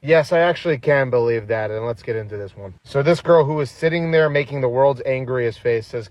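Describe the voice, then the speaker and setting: A man's voice: medium pitch, fairly quick, hardly any pauses, no echo, highs cut off. A man giving sarcastic reaction commentary, reading out comments and mocking them. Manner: sarcastic, reads comments aloud.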